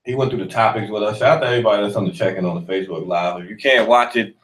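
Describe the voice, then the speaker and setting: A man hosting a live radio show, hyped and giving shout-outs to listeners. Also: fairly low pitch, racing, roomy sound, far from the mic. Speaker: host.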